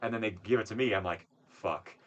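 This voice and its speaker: A man's voice: on the low side, fairly quick, dull audio. A young man co-hosting a podcast, rambling through a story with lots of fillers and swearing. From Wisconsin. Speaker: podcast co-host. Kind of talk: casual chat.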